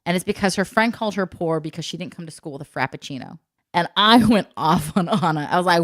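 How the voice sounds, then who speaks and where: A woman's voice: fairly low pitch, fast talker. A middle-aged woman co-hosting a casual podcast, telling family stories and laughing often. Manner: laughs often, animated storytelling. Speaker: podcast co-host. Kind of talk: casual chat.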